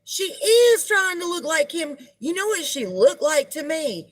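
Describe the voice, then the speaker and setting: A woman's voice: very high-pitched, animated, measured pace. A middle-aged woman, hosting a casual live-stream gossip chat and greeting viewers as she talks. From United States. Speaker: livestream host.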